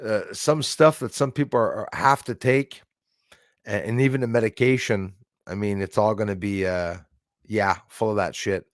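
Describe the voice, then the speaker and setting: A man's voice: on the low side, normal speed, dry recording, studio quality. A man hosting a casual live stream from his old house, rambling, greeting viewers by name and swearing now and then. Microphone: desk microphone.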